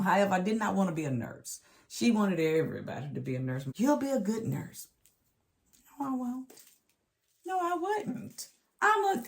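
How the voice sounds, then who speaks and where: A middle-aged woman, telling a family story in a casual, animated, expressive vlog. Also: medium pitch. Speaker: vlog host.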